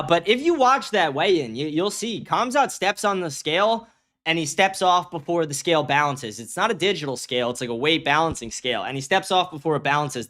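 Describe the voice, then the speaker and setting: A man's voice: a little high, bright, forceful tone. Profane, rambling young male streamer. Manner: blunt, profane, rambling with restarts; reads viewer chat aloud. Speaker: livestream host. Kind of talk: casual political commentary stream.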